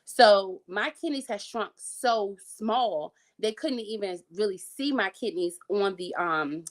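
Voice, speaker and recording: A woman's voice: medium pitch, takes it slowly. A young adult woman casually telling her own health story as an interview guest, chatty with many fillers and restarts. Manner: chatty, frequent fillers and restarts, occasional laughs.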